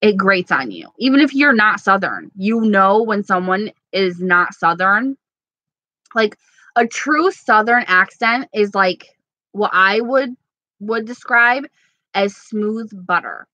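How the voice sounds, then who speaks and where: A woman's voice: mid-range voice, lively intonation, takes it slowly, pushed and bright, no echo. A woman from New York, chatting casually and giggling as she rambles through viewer comments as a beauty vlogger. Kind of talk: casual live chat reading comments.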